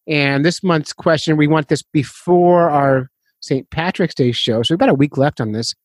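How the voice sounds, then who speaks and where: A man's voice: fairly high pitch, normal speed, no echo. Guy hosting a fishing podcast, rambly and jokey about himself, dry sound. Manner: rambling, self-deprecating, laughs often. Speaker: podcast host. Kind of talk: casual podcast chat.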